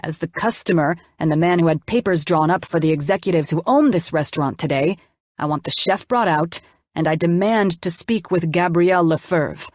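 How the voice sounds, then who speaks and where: A woman's voice: lowish voice, normal speed, a little mellow, no echo, clean studio sound, lightly acted. A woman doing a commanding rich man. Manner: authoritative, clipped and demanding. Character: wealthy man, authoritative and commanding.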